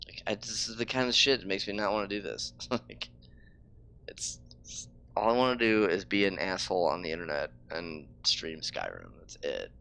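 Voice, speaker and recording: A man's voice: deep voice, lively intonation, moderate pace, creaky, sharp tone, clean tone. A man streaming a game live, ranting in frustration and swearing freely. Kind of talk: casual live-stream talk.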